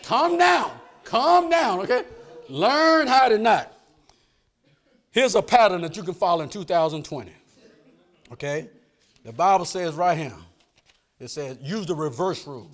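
A man preaches in a high, lively voice that swoops up into shouts. He keeps a folksy, joking tone with call-and-response asks to the congregation. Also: normal speed, pauses often. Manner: folksy, joking asides with laughter. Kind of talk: sermon.

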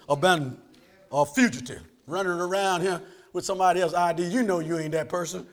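High, lively man. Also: fairly quick. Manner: call-and-response preaching, asks "amen?" often, swings from soft to shouted. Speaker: pastor. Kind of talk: sermon.

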